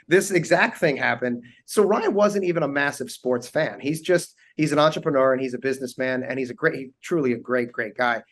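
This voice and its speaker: A man in his forties, a guest on a talk show, telling animated funny stories and laughing often. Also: mid-range voice, a little fast. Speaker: guest, actor and team owner. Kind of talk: casual interview storytelling.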